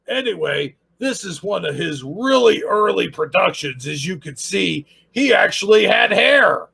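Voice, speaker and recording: Slow, gravelly-voiced man reviewing channels. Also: high voice, big pitch swings, bright, forceful tone. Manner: sarcastic, rambling. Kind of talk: casual review commentary.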